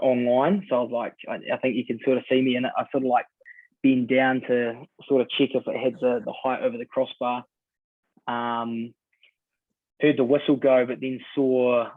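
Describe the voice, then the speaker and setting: A New Zealand man in his twenties, a podcast guest telling stories in a relaxed way, full of ums and sort-ofs. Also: mid-range voice, dry recording. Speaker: guest rugby player. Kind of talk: casual podcast chat. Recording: dry, tinny phone-like sound.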